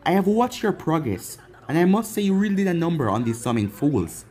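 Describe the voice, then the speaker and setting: A man's voice: on the high side, very animated, brisk, darkish tone, slight background noise. Man doing a pompous giant demon overlord. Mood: lordly. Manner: pompous, lordly. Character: enormous demonic male overlord, proud and grand.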